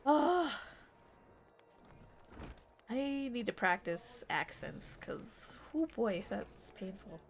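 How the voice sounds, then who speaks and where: A chatty woman game streamer, self-mocking and giggly as she talks through her play. Her voice is mid-pitched, with faint music in the background. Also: lively intonation, slow, few pauses. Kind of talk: casual game stream chat.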